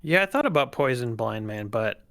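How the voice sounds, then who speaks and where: Bright, lively man chatting casually. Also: mid-range voice, moderate pace, gravelly. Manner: laughing, joking, thinking aloud. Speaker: player. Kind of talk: casual chat while building a character.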